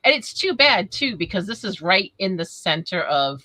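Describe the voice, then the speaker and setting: A woman with a New England accent and a slightly raspy, tired voice, chatting on a live show and greeting viewers by name. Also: medium pitch, big pitch swings, moderate pace, bright, forceful tone, no room sound, poor audio. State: tired, recovering from illness. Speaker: co-host of a metal detecting live show. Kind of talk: casual live-stream chat.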